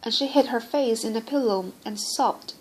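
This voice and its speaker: A woman narrating an audiobook in a steady reading voice that often stumbles and restarts words. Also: on the high side, moderate pace, slight background noise, low-quality recording. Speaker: audiobook reader.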